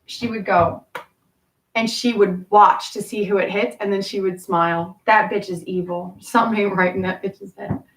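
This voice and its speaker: A woman's voice: medium pitch, fairly bright tone. A woman from Kentucky, telling rambling stories in a courtroom, full of profanity and self-interruptions. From Appalachian Kentucky. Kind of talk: rambling storytelling. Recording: roomy, from far off.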